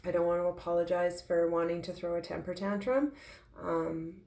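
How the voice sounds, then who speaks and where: A tearful woman speaks in a heartfelt, halting way in a personal confessional vlog. Her voice sits low and has a gravelly edge. The recording sounds roomy and echoey. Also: fairly even intonation, dark tone. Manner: heartfelt, halting, with frequent fillers. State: tearful, emotional. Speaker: intuitive medium sharing her grief.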